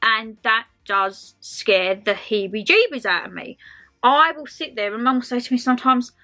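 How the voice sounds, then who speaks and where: A young woman in her twenties chats on camera, rambling easily through viewer questions. Her voice is bright and forceful and sits a little high. Soft music plays faintly underneath. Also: lively intonation, moderate pace. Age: 20s. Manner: chatty, rambling, calls viewers "my lovelies". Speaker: lifestyle vlogger. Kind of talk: casual Q&A chat to camera.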